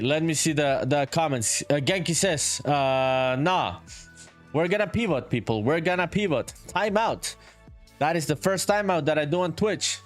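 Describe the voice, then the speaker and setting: A man live-streaming his game development, chatting casually with viewers, reading their messages aloud, laughing often, swearing and saying "dude" a lot. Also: fairly high pitch. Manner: reads chat messages aloud.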